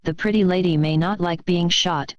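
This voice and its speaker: A woman's voice: lowish voice, normal speed, no room sound, natural voice, rough recording. A woman reading the part of a threatening male Nazi colonel with a German accent, formal and cold. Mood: menacing.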